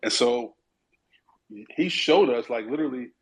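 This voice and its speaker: Relaxed slangy man chatting. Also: medium pitch, measured pace, low-quality recording. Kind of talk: casual chat.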